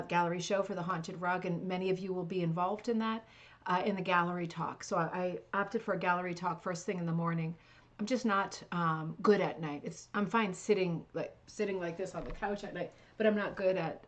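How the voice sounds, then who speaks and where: Woman, livestream host, casual chat, greets viewers, chatty, filler-heavy, restarts, relaxed on a couch. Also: medium pitch. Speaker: host of a rug hooking club livestream. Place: sitting on a couch at home.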